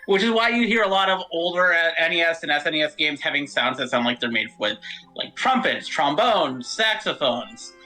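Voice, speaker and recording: A woman's voice: deep voice, expressive, normal speed, sharp tone, soft background music, rough recording. A woman streaming a game, chatting casually and explaining things knowledgeably.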